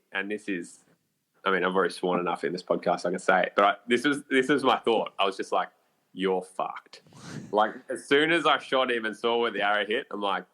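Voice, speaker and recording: Quick-paced and on the low side, an Australian man shares a bowhunting story as a podcast guest. The telling is lively and casual, full of swearing and fillers.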